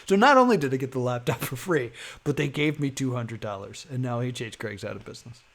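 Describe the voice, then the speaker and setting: A man with a middling voice talks casually to his stream, chuckling as he tells his story. He swings between his plain voice and quick put-on voices for the people in it. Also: mid-range voice, gravelly, a little hiss or hum. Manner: animated, laughing, acts out the people in his story. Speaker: live streamer.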